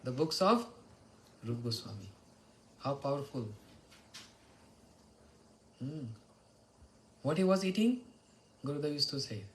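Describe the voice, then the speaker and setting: A man's voice: mid-range voice, lively intonation, takes it slowly, long pauses, slight background noise, low-quality recording. A man giving a devotional morning lecture, telling stories and chanting verses. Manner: storytelling, chants Sanskrit and Bengali verses. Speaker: spiritual teacher.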